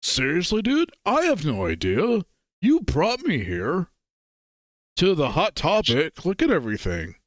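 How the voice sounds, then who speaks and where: A man's voice: on the high side, wildly swooping pitch, a little slow, no echo, studio quality, full character voice. A man voicing a bulky, shy young male ram gamer in a visual novel read-aloud, in a grumbly, reluctant manner. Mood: exasperated.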